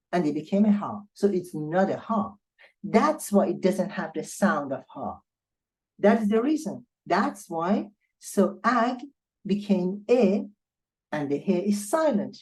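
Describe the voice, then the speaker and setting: A woman language tutor giving an online lecture, explaining patiently and slowly repeating example words for learners. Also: mid-range voice, warm tone, poor audio.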